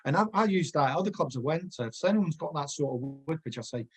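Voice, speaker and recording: Husky-voiced man telling footballer anecdotes. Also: on the high side, lively intonation, fast, darkish tone. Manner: rambling anecdotes, digresses, laughs often. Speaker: former footballer guest. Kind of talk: casual storytelling chat.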